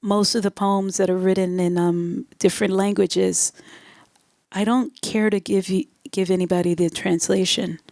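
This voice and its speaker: A woman's voice: mid-range voice, flat delivery, normal speed, gravelly, darkish tone, no room sound, studio quality. A woman poet at a live reading event answering audience questions in a loose, playful way. She laughs often and repeats words while she thinks.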